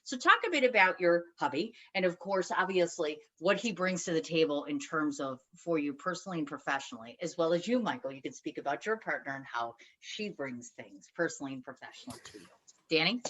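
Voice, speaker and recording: A woman's voice: deep voice, expressive, a little fast. A woman hosting a panel by video call, chatty and enthusiastic, prompting her guests and laughing along with them. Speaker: panel host. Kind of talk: casual video-call interview.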